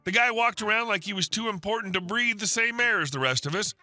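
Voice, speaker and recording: A man narrating online stories in a scripted way, with wry deadpan asides. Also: high voice, fast talker, soft background music.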